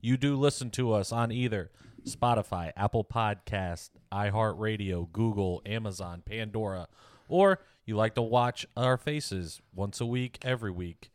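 Low male podcast co-host, wisecracker, hype plugs, dry sound. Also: measured pace, dry recording. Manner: wry one-liners, hype outro calls. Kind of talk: casual chat.

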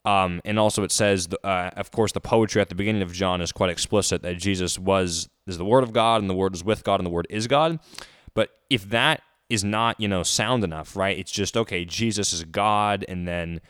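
A male podcast host speaks in casual conversation, hesitating often with fillers and restarts. His voice is very low and smooth. The sound is dry and close to the mic. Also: fairly bright tone, no room sound.

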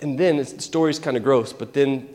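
A man preaching a sermon, retelling a Bible story in an animated, conversational way with asides. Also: medium pitch, fairly quick, in a large hall.

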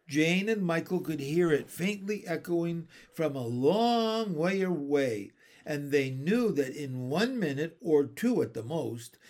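A man narrating a classic children's book in an unhurried, gentle reading voice. His pitch sits a touch high and he lets each phrase settle before moving on. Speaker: audiobook narrator. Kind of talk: storybook reading.

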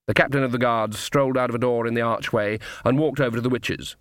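A man reading an audiobook in a measured, wry storytelling manner. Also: medium pitch, steady tone, a bit bright, dry recording, studio quality. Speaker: audiobook narrator. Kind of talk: scripted narration.

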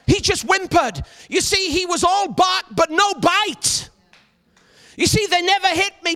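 A middle-aged man preaching a sermon as an evangelist, with shouted, emphatic lines. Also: very high-pitched, normal speed.

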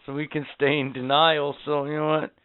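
A middle-aged man talking in crude, casual podcast banter, blunt and profane as he hands out fatherly advice. His voice is smooth, and he shifts from mumbled asides to sudden loud outbursts. The sound is dry and tinny, like a phone line. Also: on the high side, flat delivery, a little fast, no echo. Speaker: podcast co-host.

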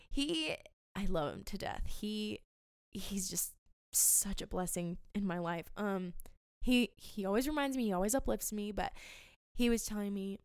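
A young woman hosts a faith podcast, speaking earnestly and emotionally, often stopping to restart her sentences. Her voice is smooth and clear, and it sits dry and close with no room sound around it. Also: medium pitch, a little mellow, no echo. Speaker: podcast host.

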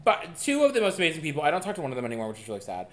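A young man co-hosting a podcast, telling a dating story in a casual, animated and profane way. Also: a little high, very fast. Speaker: podcast co-host. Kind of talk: casual chat.

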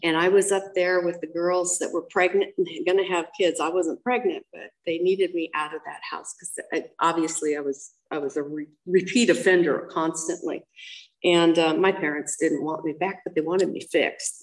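A woman's voice: lowish voice, steady tone, moderate pace, poor audio. An older American woman frankly telling her own life story in an interview, full of ums and acted-out quotes. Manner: blunt, frank, acts out quoted voices, frequent ums. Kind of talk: candid personal storytelling.

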